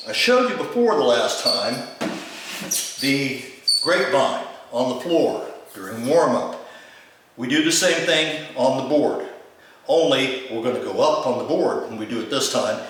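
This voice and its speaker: A man's voice: medium pitch, a bit bright. An older man teaching step aerobics moves, calling out each step as he demonstrates. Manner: coaching, calls out step moves. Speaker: fitness instructor. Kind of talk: instructional demonstration. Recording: echoey room, distant mic.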